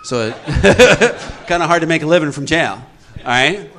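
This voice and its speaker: Animated man leading a group talk. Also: on the high side, a little slow. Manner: lively, jokey, acts out voices. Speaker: recovery workshop speaker.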